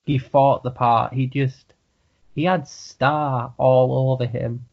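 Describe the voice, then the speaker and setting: A man's voice: medium pitch, steady tone, slow, gravelly, husky. A man co-hosting a casual podcast, making brief, laid-back remarks. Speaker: podcast co-host. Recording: dull lo-fi sound.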